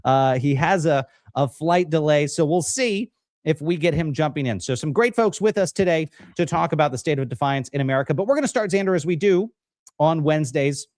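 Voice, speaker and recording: An energetic male co-host of a live-streamed political talk show. His slightly high voice leaps up and down with enthusiasm. The sound is dry and close, with no room echo. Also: a little fast. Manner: energetic, upbeat hosting.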